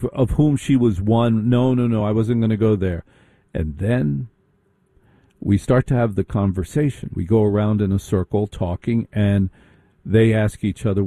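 A man telling a sarcastic, animated comic story in a stand-up style. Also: lowish voice, no echo, studio quality. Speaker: comedic storyteller.

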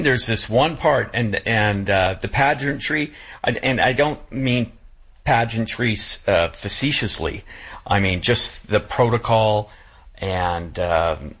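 A man with a low, husky voice speaks in a casual chat, stopping and restarting his sentences. He sounds emotional, close to tears. The audio is a bit muffled. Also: fairly bright tone. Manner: halting, many restarts and fillers.

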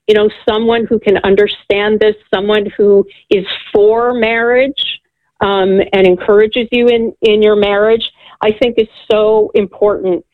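Woman, radio guest, earnest, encouraging, tinny phone line. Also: mid-range voice. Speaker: guest, ministry leader. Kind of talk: radio talk show conversation.

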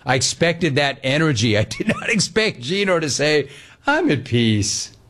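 A man hosting a sports talk radio show, animated and playful, taking calls and riffing on them. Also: a little high, normal speed. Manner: animated, playful, mocks callers' voices.

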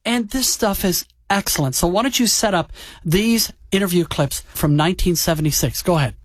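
A man's voice: high-pitched, a little fast, no room sound. A man hosting a retro music show in casual chat, enthusiastic and playfully teasing. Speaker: radio show host.

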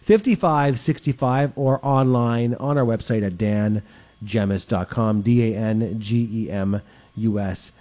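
Chatty male radio host, mellow voice. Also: on the low side, unhurried. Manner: chatty, lots of filler words. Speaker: radio show host and real estate broker. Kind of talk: casual radio talk. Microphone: studio microphone.

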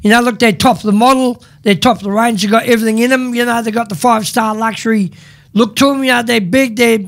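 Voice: mid-range voice, steady tone, fast talker. A radio co-host chatting casually, rambling and repeating his words.

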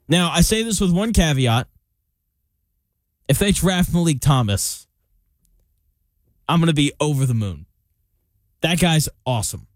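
A young male sports talk host with a somewhat high voice, recorded dry and close with no room sound. He talks casually and opinionatedly, tossing in jokey asides as he makes his case. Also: no echo.

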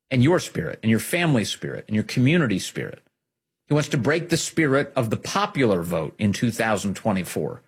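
A man's voice: medium pitch, husky. A man hosting a conservative political commentary show, talking emphatically with urgent peaks.

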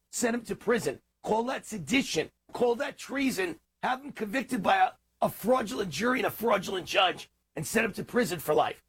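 Raspy, fired-up talk radio host. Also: male voice, on the high side. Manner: impassioned, ranting delivery. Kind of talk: political commentary monologue.

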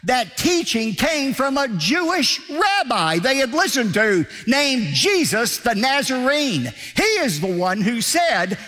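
A man's voice: extremely high pitch, very animated, slow, few pauses, sharp tone, in a large hall. A male pastor delivering a sermon in an emphatic, declamatory way, driving points home by repetition.

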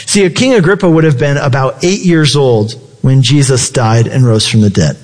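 A man's voice: fairly high pitch, normal speed, hardly any pauses, darkish tone, in a large hall. A male pastor preaching a sermon in a conversational way, asking the congregation rhetorical questions.

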